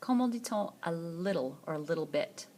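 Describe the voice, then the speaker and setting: A woman with a slightly low voice teaches a French lesson in a screencast. She pronounces each word carefully and says it twice so students can copy her. Her delivery is patient and instructional. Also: lively intonation, a little mellow, a little hiss or hum. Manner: slow, repeats words twice for the learner. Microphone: tablet screencast.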